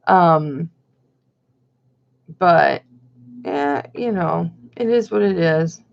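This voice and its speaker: A woman's voice: lowish voice, animated, extremely slow, vocal fry. A middle-aged woman, hosting a casual livestream chat and reading viewer comments aloud. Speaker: livestream host. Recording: dull lo-fi sound.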